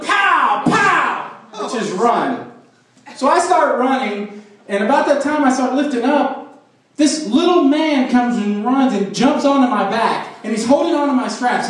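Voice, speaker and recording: A man doing a stand-up comedy set, telling crude stories and teasing the crowd. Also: extremely high pitch. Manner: crude storytelling with crowd work. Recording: echoey club from far off.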